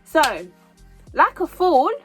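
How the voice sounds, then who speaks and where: A woman in her twenties telling a personal story in a casual storytime vlog, animated and repeating herself as she goes. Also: extremely high pitch, slow, soft background music, poor audio. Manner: chatty, animated retelling with repeats. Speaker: vlogger.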